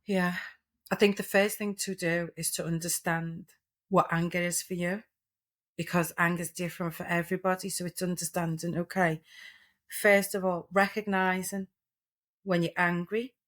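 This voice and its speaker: A woman's voice: lowish voice, level tone, moderate pace. A middle-aged woman, a therapeutic coach, talking earnestly as a podcast guest and explaining ideas through everyday examples. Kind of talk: reflective interview talk.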